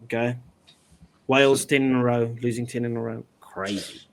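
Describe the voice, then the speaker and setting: A blunt man co-hosting a podcast, stating strong opinions in casual chat. His voice sits at a plain middle pitch. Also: steady tone, normal speed, vocal fry, slight background noise. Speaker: podcast co-host.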